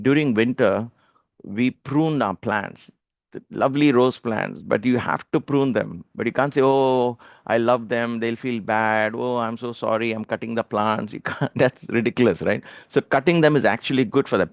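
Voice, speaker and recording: Earnest man giving a halting spiritual talk. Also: medium pitch, no echo. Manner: earnest, halting, many restarts and fillers. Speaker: spiritual speaker. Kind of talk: devotional talk. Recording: dull lo-fi dry sound.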